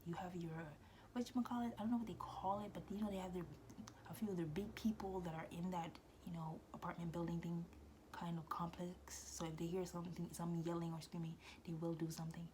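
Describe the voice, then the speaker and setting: A young woman casually telling a personal story, animated and slangy, often dropping into soft breathy asides. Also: lowish voice, fairly quick, slight background noise.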